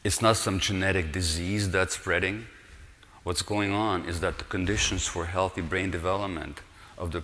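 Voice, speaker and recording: A man with a low, forceful voice delivers an earnest public lecture as a physician, driving points home with rhetorical questions. His voice rings out in a large hall with a long reverb tail. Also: slight background noise.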